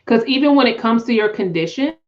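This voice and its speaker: A woman's voice: a little high, animated, fairly quick, dull audio. A woman hosting a live tarot reading, talking in an effusive, emotional, spiritual way with frequent laughs and sighs.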